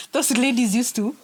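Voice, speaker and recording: A woman co-hosting a podcast, chatting casually and telling lively stories, acting out what people said. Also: a little hiss or hum. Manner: animated storyteller, acts out quotes with big pitch jumps and laughs. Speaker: podcast co-host. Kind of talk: casual chat.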